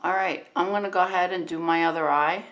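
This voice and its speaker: A woman in her fifties with a New Jersey accent, talking through a makeup tutorial in a relaxed, chatty way while she works. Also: fairly low pitch, fast talker. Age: 50s.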